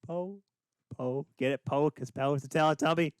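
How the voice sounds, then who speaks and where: A man's voice: fairly high pitch, level tone, fast talker, clean tone, no room sound, studio quality. A young man co-hosting a podcast, rambling and joking between laughs. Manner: goofy, rambling, laughs a lot. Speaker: podcast co-host. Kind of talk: joking casual chat.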